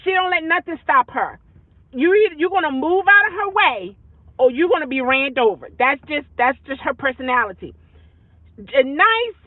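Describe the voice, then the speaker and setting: A woman rideshare driver vlogging in a casual, rambling monologue, animated and full of repeats. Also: sits high, no echo. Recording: tinny phone-like dry sound.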